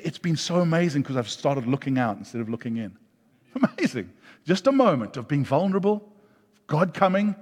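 A middle-aged man preaching a sermon, animated, rising loud and then dropping soft. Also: medium pitch. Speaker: pastor. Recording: long hall reverb.

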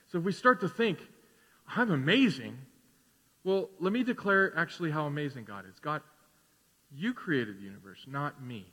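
Male pastor, sermon, high voice, loud declarations and quiet asides, church hall echo. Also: normal speed. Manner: animated preaching, swinging from loud to quiet asides. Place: church sanctuary.

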